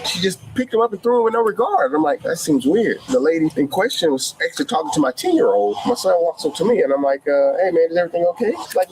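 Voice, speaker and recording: A father telling a story in a lively way, acting out every quote. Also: a little high, quick pace, hardly any pauses. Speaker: father recounting an incident. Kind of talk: animated storytelling. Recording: body-cam audio with clear background noise.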